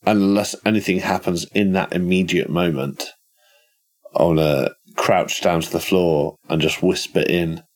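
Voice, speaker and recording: Deep-voiced man playing a tabletop game. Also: fairly even intonation, unhurried. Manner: matter-of-fact, planning aloud, casual swearing. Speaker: player.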